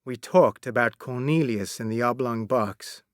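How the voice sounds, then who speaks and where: A man reading a story aloud as narrator, slow and deliberate with expressive delivery. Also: medium pitch, no echo, studio quality.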